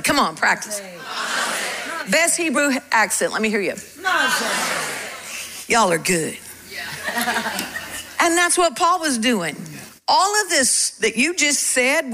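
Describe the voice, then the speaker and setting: A woman preacher delivers a spirited sermon. Her voice sits a little high and rings bright and forceful. She keeps turning to the congregation with questions. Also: measured pace, long pauses, low-quality recording. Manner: animated, calls out to the congregation.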